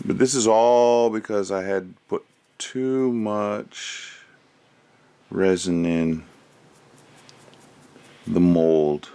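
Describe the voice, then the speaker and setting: A man's voice: sits low, fairly even intonation, extremely slow, pauses often, dark tone, clean tone. A man doing casual crafting commentary at home, rambling and thinking aloud as he works. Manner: rambling, chatty, thinks aloud while working. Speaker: resin crafter.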